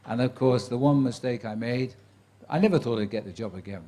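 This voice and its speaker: A little fast and dark-toned at medium pitch, a sports commentator in his seventies tells a live crowd stories from his career. He's chatty and dryly witty, acting out the voices he quotes.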